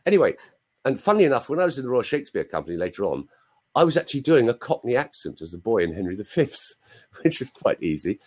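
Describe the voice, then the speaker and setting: A man's voice: medium pitch, very animated, quick pace, a little mellow, husky. A man in his sixties from London, with a London accent, telling stories in a chatty, playful way as a guest on a live video chat. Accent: London English. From London, England. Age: 60s. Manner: chatty, playful, asks listeners for confirmation.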